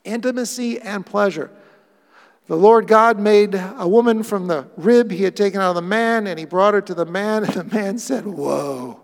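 A man preaching a sermon as pastor, animated, acting out quoted lines with playful voices. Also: high voice, moderate pace, big-room sound.

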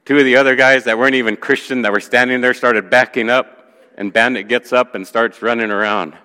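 Telling a story from the pulpit, this male pastor brings it to life by acting out each person's voice. His delivery is medium-pitched, smooth, and a little fast, followed by a long reverb tail.

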